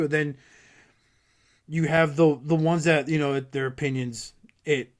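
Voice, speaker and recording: Animated male podcast guest telling stories. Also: a little high. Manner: animated storyteller, quick voice switches. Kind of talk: casual chat.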